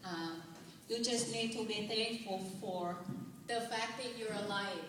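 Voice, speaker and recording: A middle-aged woman giving a personal testimony to an audience, halting and pausing often as she tells her story with a chuckle. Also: on the high side, fairly even intonation, noisy background. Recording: echoey hall from far off.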